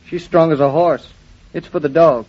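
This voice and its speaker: A man's voice: fairly high pitch, normal speed, lightly acted. An actor playing a cheerful, teasing young husband who dotes on his dog, in 1940s radio acting on a dull old radio recording. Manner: jovial, teasing, animated.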